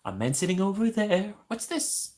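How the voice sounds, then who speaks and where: A man voicing an excitable skeleton figure who marvels at everything, asking question after question in a high, wide-eyed voice. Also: moderate pace. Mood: amazed.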